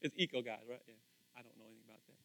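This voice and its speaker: A man preaching a casual sermon, animated and acting out little scenes with different voices. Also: mid-range voice, rapid-fire, slight background noise.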